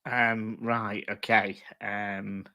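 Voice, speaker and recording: A man's voice: on the low side, flat delivery, very slow, creaky, bright, forceful tone. A man hosting a casual live stream, reading comments aloud and trading sweary banter with viewers. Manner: sweary, blokey banter, laughs often. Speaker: livestream host. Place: at home with dogs.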